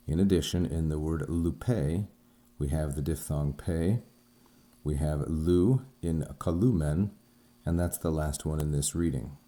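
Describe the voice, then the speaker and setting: A man teaching a recorded language lesson, spelling out letters and syllables one at a time in a slow, deliberate way. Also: rumbling low, warm tone.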